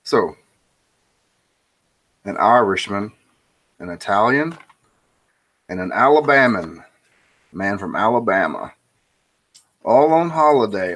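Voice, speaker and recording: A man's voice: lowish voice, a bit bright. A man hosting a casual monologue, telling a bar joke with restarts and asides. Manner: rambling, with restarts and self-commentary. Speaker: host.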